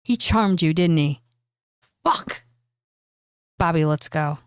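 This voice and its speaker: A woman voicing a gruff, scornful male gangster boss who speaks in curt lines. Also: sits low, slow pace, dry recording, clean studio sound, voice pushed down.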